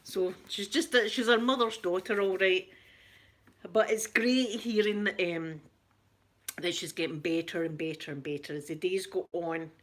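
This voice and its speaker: A middle-aged woman with a Scottish accent, hosting a casual live chat, chatty and quick to laugh, often repeating herself. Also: lowish voice, fairly even intonation. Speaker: livestream host.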